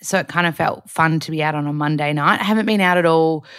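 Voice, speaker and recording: Chatty low-voiced woman. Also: fast talker, fairly bright tone, clear, resonant tone. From Australia. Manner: chatty, rambling, with many fillers. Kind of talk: casual chat.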